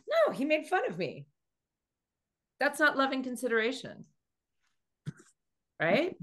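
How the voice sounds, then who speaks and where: A woman giving a motivational talk on dating as a coach, telling stories lively and acting out quoted speech in changing voices. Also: high-pitched, measured pace, pauses often. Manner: animated storytelling, acts out quoted speech.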